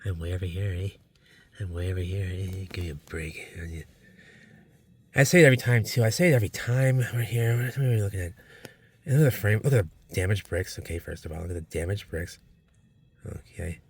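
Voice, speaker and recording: A man's voice: lowish voice, lively intonation, fast, breathy edge. A man from Minnesota, vlogging outdoors near old mill buildings, chatty and rambling, repeating his own phrases in a folksy way. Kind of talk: casual walking vlog.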